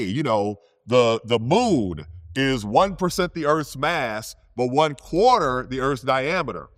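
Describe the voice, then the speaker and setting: A man, a physicist, telling science stories in a relaxed, conversational way, often adding "you know" and "right?". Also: mid-range voice, no room sound, studio quality. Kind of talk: storytelling science talk.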